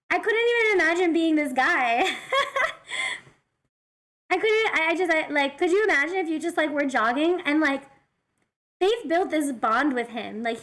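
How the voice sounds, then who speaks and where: A woman VTuber reading Reddit posts aloud and commenting on them in a giggly, animated way. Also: sits high. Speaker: VTuber streamer.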